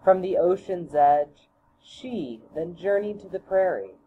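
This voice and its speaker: A woman reading a children's storybook aloud in a slow, deliberate manner. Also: on the low side, expressive. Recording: tinny phone-like audio, faint hiss.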